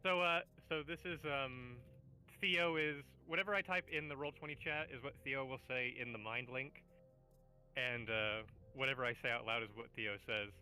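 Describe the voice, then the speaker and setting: A man's voice: mid-range voice, moderate pace, bright, forceful tone, smooth, soft background music, poor audio. A man playing in a tabletop game session, asking questions about the rules. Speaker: player.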